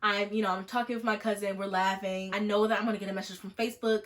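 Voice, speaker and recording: A young woman in her twenties rattles through a storytime vlog at a quick clip. Her delivery is jokey and animated as she acts out both sides of a text exchange. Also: mid-range voice. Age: 20s. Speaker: vlogger.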